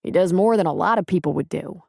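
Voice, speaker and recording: Easygoing rural man, steady, reassuring, gravelly edge, read by a woman, dry close sound. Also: fairly low pitch, quick pace, dry recording. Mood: calm. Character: rugged small-town man, calm and plainspoken.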